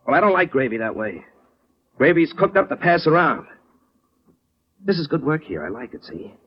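A husky, feisty working-class joe. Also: male voice, fairly high pitch, sing-song. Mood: indignant. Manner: blunt, streetwise slang, quick to bristle. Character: feisty working-class family man, exempt from the draft. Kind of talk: 1940s radio acting. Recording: lo-fi old radio broadcast.

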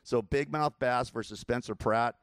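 A man's voice: mid-range voice, moderate pace, clean tone, dry recording, studio quality. A man around sixty hosting his own show, giving casual political commentary in a rambling way, repeating himself and chuckling often. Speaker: show host.

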